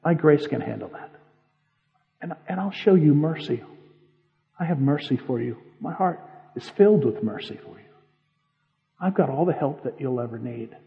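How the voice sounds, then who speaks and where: A gentle, loving heavenly father with a slightly high, soft and reassuring voice, as a preacher puts him on. The recording is muffled and lo-fi, with a long reverb trailing off the walls. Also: lively intonation, normal speed, creaky, pauses often. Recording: dull, reverberant hall.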